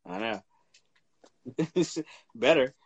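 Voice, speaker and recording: A man's voice: on the high side, extremely slow, vocal fry, slight background noise. A man co-hosting a wrestling podcast in casual chat, swearing freely and laughing through his stories. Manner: profane, laughing, animated storyteller. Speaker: podcast co-host.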